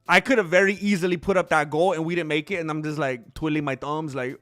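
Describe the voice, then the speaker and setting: A man chatting casually on a live stream, joking around and thanking viewers as the fights go on. His voice is bright and fairly high, with faint music playing underneath. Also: fast, few pauses, dry recording, clean studio sound. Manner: joking, thanks donors, laughs often. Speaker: livestream host reacting to fights.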